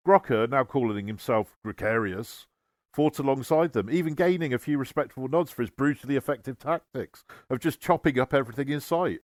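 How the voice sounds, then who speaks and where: A man narrates a comic tale in a wry, deadpan tone at a middling pitch. The recording is dry and close, with no room sound. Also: fairly quick, no echo. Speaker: storyteller. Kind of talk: humorous scripted narration.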